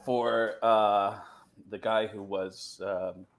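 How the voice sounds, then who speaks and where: A male comedian telling animated anecdotes in casual chat over a video call, dropping into quick impressions. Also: on the low side. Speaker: comedian guest.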